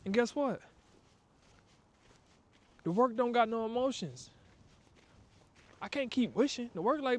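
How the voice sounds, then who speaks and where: A man's voice: very high-pitched, lively intonation, unhurried, pauses often, slight background noise. A man giving a casual motivational talk on a walk, emphatic and preachy, with slang and acted-out asides. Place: outdoors on a walk.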